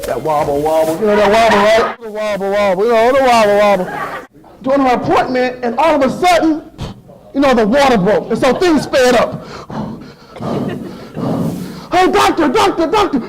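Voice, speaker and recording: Animated high-voiced man telling a story. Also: brisk, a crowd in the background, low-quality recording. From Decatur, Georgia. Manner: animated, repetitive, playful, with sudden shifts to hushed. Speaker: motivational speaker. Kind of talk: storytelling speech to an audience.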